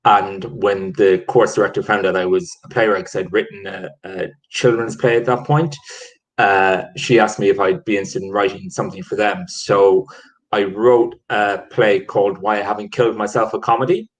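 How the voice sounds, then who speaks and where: A man's voice: lowish voice, steady tone, normal speed, low-quality recording. A man from Ireland, a theatre producer, telling stories in a casual video-call chat with many restarts. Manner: rambling, many restarts and fillers.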